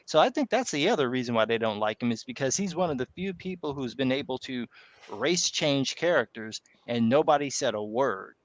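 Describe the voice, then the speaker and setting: A man co-hosting a casual podcast chat, talking in an animated, exasperated way. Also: mid-range voice, fairly quick, no echo. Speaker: podcast co-host.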